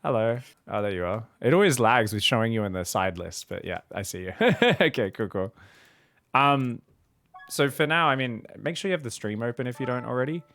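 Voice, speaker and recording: A man's voice: mid-range voice, fairly quick, a bit bright. A man who coaches a strategy game over a voice call, talking casually, laughing often and swearing now and then. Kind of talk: casual coaching chat on stream.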